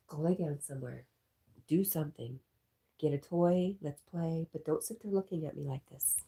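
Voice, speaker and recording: A woman's voice: deep voice, normal speed, breathy edge. A woman hosting a casual livestream, reading viewer comments aloud, laughing often and talking to her dog. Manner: reads chat aloud, talks to her dog; laughs often, drops to soft murmurs. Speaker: livestream host.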